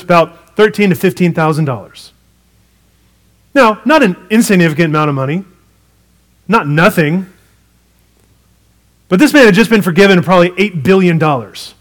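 A man preaching a sermon, retelling a parable in a conversational, animated way with casual asides. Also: fairly high pitch. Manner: storytelling, animated retelling with acted quotes.

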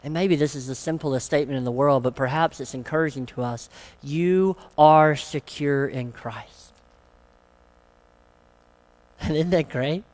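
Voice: medium pitch, measured pace, pauses often, darkish tone. A pastor preaching a sermon, emphatic and fond of rhetorical questions.

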